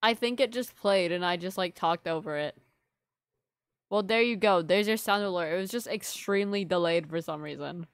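A woman's voice: fairly low pitch, normal speed, no echo, studio quality. A young woman live-streaming to her viewers in casual chat, rambling and apologetic, full of fillers. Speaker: livestreamer.

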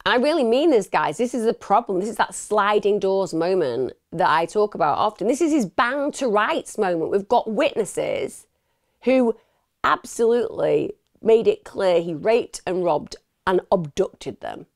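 Gravelly-voiced woman on true crime. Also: mid-range voice, a little slow. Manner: animated and indignant, addressing viewers directly. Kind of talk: casual true crime commentary to camera.

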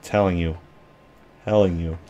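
A man's voice: deep voice, fairly even intonation, measured pace, warm tone, muffled recording. A man commenting on his own horror game play, cursing angrily and talking back at the game. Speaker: gaming video host. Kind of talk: profane let's-play commentary.

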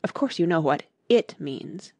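A woman's voice: deep voice, lively intonation, unhurried, darkish tone, no room sound, full character voice. A woman voicing a self-important mouse who lectures a crowd and takes offense easily. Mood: cross.

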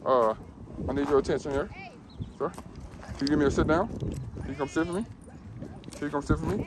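A man vlogging at a dog park, giving playful commands and praise to his dog in a joking, casual way. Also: a little high. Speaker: dog owner and trainer vlogger. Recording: outdoor noise, loud background.

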